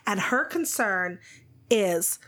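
A woman in casual book chat, recapping a plot briskly with dry asides. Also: medium pitch, lively intonation, sharp tone.

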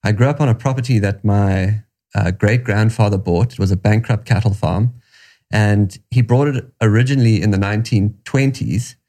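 A man with a South African accent answers an interviewer in a reflective, storytelling way. His voice sits low and warm, with a soft, dark tone. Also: normal speed. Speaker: guest.

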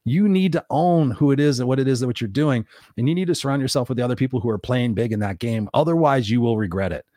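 A man's voice: medium pitch, quick pace, mellow, dry recording, studio quality. A man hosting his own show, giving an unscripted motivational talk, blunt and swearing often, acting out the people he quotes. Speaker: podcast host. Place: Los Angeles.

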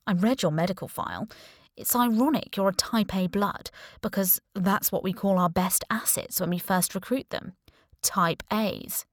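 A woman's voice: mid-range voice, normal speed, dry recording, lightly acted. A smug spy boss who talks down to everyone, mocking and cool, voiced plainly by a woman reading an audiobook. The delivery is dry and close, with no room sound around it. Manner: mocking, condescending.

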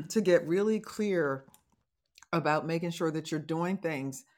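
A woman with a low voice takes her time hosting an advice podcast. As a divorce coach, she speaks casually and supportively to listeners, with playful asides and laughs.

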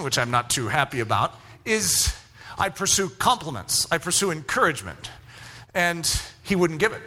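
A man telling a personal story in a sermon, animated and acting out both sides of remembered conversations. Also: high-pitched.

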